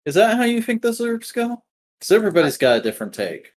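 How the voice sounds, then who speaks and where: A man chatting casually about comics on a podcast, offhand and quick to swear. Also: sits high, big pitch swings. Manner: swears freely, rambling and offhand. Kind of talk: casual chat.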